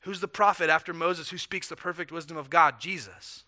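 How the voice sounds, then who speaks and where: A man's voice: fairly high pitch, a little fast, pushed and bright. A pastor preaching a sermon in an earnest, conversational way, asking rhetorical questions and often repeating words as he restarts.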